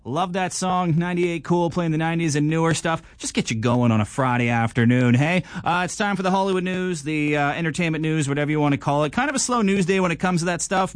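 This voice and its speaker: A man's voice: on the high side, no echo, clean studio sound. Chatty radio DJ man. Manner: chatty, jokey, lots of "hey?" tags. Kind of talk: casual radio DJ patter. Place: radio studio. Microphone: close studio mic.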